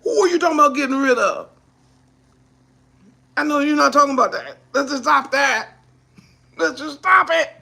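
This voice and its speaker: A man with an unusually high voice and a sharp, gravelly edge delivers a heated commentary monologue. He hammers away with mocking rhetorical questions and often rises to a shout. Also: lively intonation, normal speed, pauses often. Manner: mocking rhetorical questions, acts out imagined speakers. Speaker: ministry speaker.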